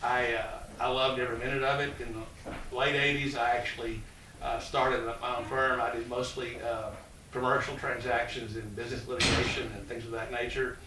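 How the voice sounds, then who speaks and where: In a brisk, flat delivery, a college president in his sixties tells an audience rambling, filler-laden stories in a mid-range voice. Faint noise, an echoey room, and a distant mic mark the recording.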